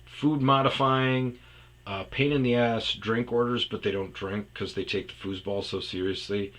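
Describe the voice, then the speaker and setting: A man with a fairly low, slightly bright voice talks at a moderate pace, swapping casual comedic anecdotes about his past on a podcast. His storytelling meanders, swears freely, and drifts into impressions, all on a rough recording.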